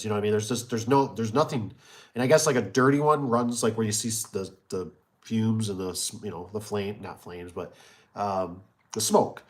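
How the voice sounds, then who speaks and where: A man's voice: fairly low pitch, moderate pace. A middle-aged man who runs a garage door business, chatting casually in a rambling, folksy way with many fillers. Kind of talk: casual chat.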